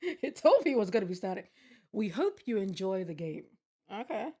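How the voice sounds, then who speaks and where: A woman's voice: mid-range voice, big pitch swings, normal speed, dark tone, husky. A woman streaming a game, reading its text aloud and reacting with bemused, swearing commentary. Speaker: gaming streamer. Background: game music.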